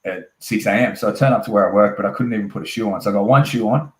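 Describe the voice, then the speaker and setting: A man's voice: fairly low pitch, rapid-fire, reverberant. A young Australian man, a wrestler guest, telling a rambling, swearing anecdote and acting out the dialogue. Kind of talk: casual storytelling interview.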